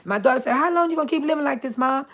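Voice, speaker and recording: An older woman hosting a casual live chat, talking straight to her viewers by name, chatty and animated with frequent laughter. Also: high voice, rapid-fire. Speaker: host.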